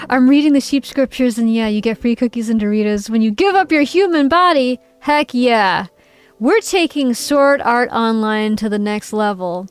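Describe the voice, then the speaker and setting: High-voiced playful woman streamer. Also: expressive, moderate pace, clean tone. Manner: playful and giggly, reads chat aloud. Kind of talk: casual livestream chat. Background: faint background music.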